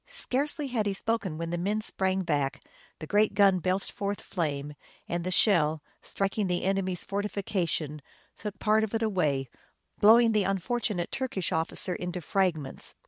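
A woman reading a first-person war story aloud, in a measured, grave storytelling manner. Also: mid-range voice, no echo, studio quality. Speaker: audiobook narrator.

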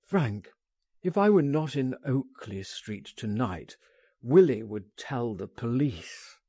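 A man voicing a frightened, despairing man awaiting trial, groaning and resigned, in a husky storybook reading. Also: mid-range voice, sing-song, slow, mellow, dry recording, clean studio sound, heavily acted.

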